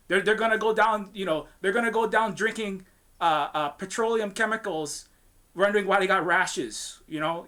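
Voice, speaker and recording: A man's voice: high-pitched, pushed and bright. A man from Hawaii speaking on a panel as a game studio founder, heated and ranting, swearing and restarting his sentences often. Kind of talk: impassioned panel discussion.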